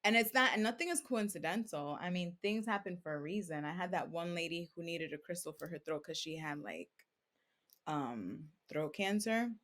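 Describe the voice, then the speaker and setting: Speaking at a moderate pace in a lowish voice, the crystal seller recounts her story as a podcast guest. The casual interview talk is lively, packed with "like," and she performs other people's lines as she quotes them.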